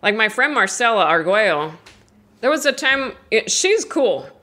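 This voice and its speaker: A young adult woman doing a stand-up comedy set, chatty and self-deprecating, who rambles and jumps into high, squeaky voices for imagined friends. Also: very animated, normal speed, sharp tone.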